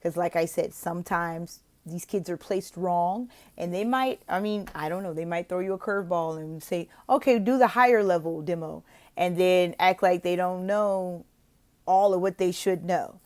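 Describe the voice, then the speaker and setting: A woman from the United States explaining how to teach online English lessons, switching between casual advice and slow, exaggerated teacher talk. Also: on the low side, a little mellow. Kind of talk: instructional vlog with role-played teaching examples.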